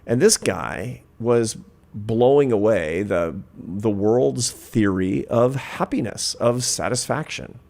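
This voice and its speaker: A man's voice: mid-range voice, animated, slow, gravelly, a little mellow. A man in his fifties, a social scientist, telling a personal story in an interview, earnest and reflective, building to emphatic points. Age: 50s.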